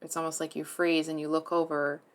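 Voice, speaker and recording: A woman giving a tarot reading to her viewers, speaking softly and hesitantly, earnest and emotionally moved, with many fillers and restarts. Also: deep voice, little pitch movement, brisk. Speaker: tarot reader.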